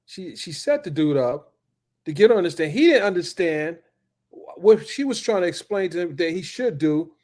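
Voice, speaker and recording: A man's voice: high voice, big pitch swings, normal speed, a little mellow. A man, a reporter, reacting in casual discussion and summing up a legal exchange in plain terms.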